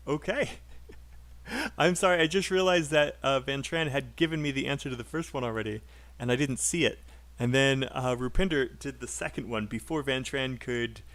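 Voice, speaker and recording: A man's voice: mid-range voice, fairly bright tone. A British man who teaches English in a live online class, upbeat and explaining, modelling sentences aloud for his students.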